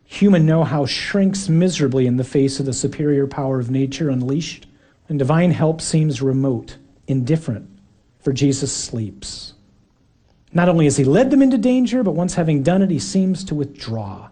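Mellow-voiced man preaching a sermon. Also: mid-range voice, moderate pace. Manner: reflective, building to emphatic repetitions.

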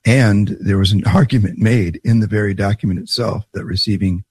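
A man co-hosting a casual Catholic talk show, explaining church practice in a measured way and often affirming his co-host. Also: lowish voice, darkish tone, breathy edge, no echo. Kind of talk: casual Catholic podcast chat.

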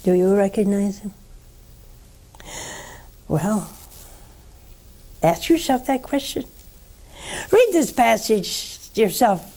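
Slow and mellow, with long pauses, an elderly nun speaks in a medium-pitched, sing-song voice. She delivers sermons and earnest counsel to callers on her religious call-in show, often posing rhetorical questions.

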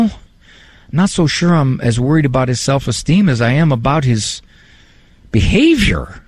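A man speaks as a psychologist, animated and joking, his pitch rising and falling in a lively way. The voice is gravelly and husky. It sounds close and dry. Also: no room sound. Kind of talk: talk on parenting and faith.

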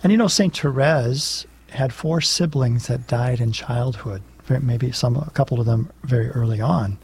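A man's voice: medium pitch, moderate pace, darkish tone, a little hiss or hum. A male talk show host reflecting earnestly after a segment.

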